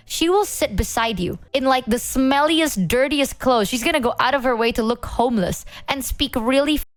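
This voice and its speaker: Young woman streamer, high, dry-sounding voice; animated, exaggerating casual rant. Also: dry recording. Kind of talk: casual chat.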